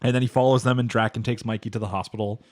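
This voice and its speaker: A man's voice: medium pitch, level tone, rapid-fire, dry recording, clean studio sound. A man co-hosting a casual anime podcast, rambling through a plot recap with lots of fillers and acting out the characters' lines. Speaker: podcast co-host.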